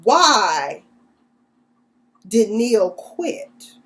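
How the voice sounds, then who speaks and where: A woman with a somewhat high-pitched voice talks through a TV episode in a casual vlog recap. Her retelling is chatty and slangy, peppered with sassy asides about the characters. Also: very animated, extremely slow, a bit bright. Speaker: TV recap vlogger.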